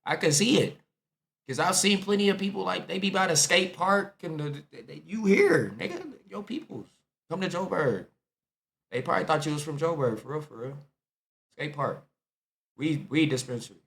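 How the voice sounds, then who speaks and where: A man's voice: a little high, lively intonation, moderate pace, gravelly, fairly bright tone. A man giving loose, slangy, incredulous commentary on videos he watches. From United States. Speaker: reaction video host. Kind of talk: casual reaction commentary.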